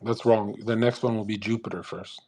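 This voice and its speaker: A man's voice: fairly low pitch, steady tone, a little fast, darkish tone. Male host, brash motivational lecturer on a live audio chat; profane and repetitive. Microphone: online audio call.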